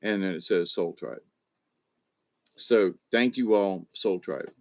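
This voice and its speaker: An older man telling personal stories to his channel in a casual, halting way, often restarting his sentences. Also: on the low side, lo-fi sound. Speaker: channel host. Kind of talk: casual rambling storytelling.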